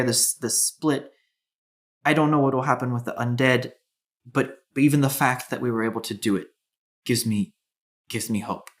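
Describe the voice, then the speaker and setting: Man playing tearful young woman, halting, stammering, choked up, soft. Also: rumbling low. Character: emotional young woman saying a grateful farewell.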